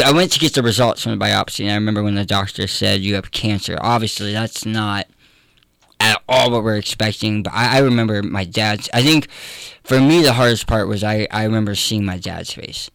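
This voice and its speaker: A young adult man with a slight lisp, telling his story in an earnest, halting way as an interview guest. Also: medium pitch, gravelly, a bit bright, smooth, dry recording. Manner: earnest, halting, many restarts. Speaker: guest, comedian and preacher.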